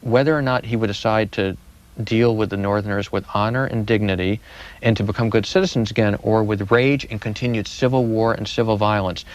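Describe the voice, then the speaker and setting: Low-voiced man telling history dramatically. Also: fairly even intonation, a little fast. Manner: vivid dramatic storytelling with repetitions. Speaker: historian guest. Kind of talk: storytelling interview answers.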